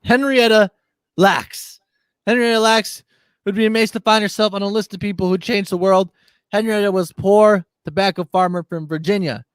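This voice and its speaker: A man co-hosting a casual chat show, reading a list aloud with frequent laughs. His voice sits high and sounds dry and close. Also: fairly even intonation, moderate pace, clean tone, dry recording. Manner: reads out a list, laughing a lot. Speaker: co-host.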